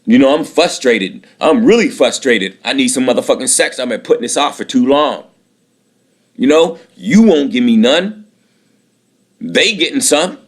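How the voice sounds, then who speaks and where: A man's voice: medium pitch, lively intonation, normal speed, breathy edge. A man in his late thirties giving a bitter, aggrieved personal monologue, repeating himself and swearing often. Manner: bitter, aggrieved, repetitive, profane.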